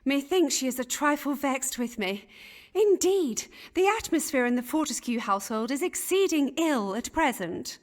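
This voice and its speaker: Casting: flustered period gentlewoman, high bright voice with wide swoops, chattering old-fashioned speech. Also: lively intonation, normal speed. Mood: gossipy. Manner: chattering archaic speech, easily scandalised. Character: fussy, gossipy Elizabethan gentlewoman.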